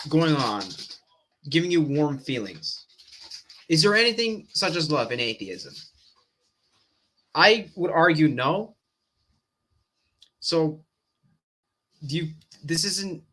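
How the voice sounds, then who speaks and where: Bright-voiced man reacting to a clip. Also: on the high side. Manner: hesitant, many restarts and fillers. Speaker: Christian apologetics commentator. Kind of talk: casual reaction commentary.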